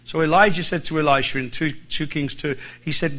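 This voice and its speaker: A man's voice: fairly high pitch, fairly even intonation, a little fast, sharp tone, low-quality recording. A man with an Irish accent preaching a sermon as a visiting preacher, driving points home by repeating phrases. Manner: emphatic, repeats phrases for stress.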